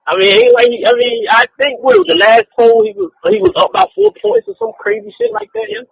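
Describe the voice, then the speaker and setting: A man's voice: very high-pitched, fairly quick, gravelly, dry recording. A man co-hosting a casual podcast, ranting in a profane, rambling way and laughing often between remarks. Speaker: podcast co-host. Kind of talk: casual chat. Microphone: online call. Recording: dull lo-fi call audio with faint hiss.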